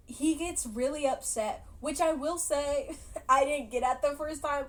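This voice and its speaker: A woman's voice: high voice, steady tone, unhurried, few pauses. A woman casually retelling a movie's plot to her viewers, chatty and laughing as she goes. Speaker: movie reaction vlogger.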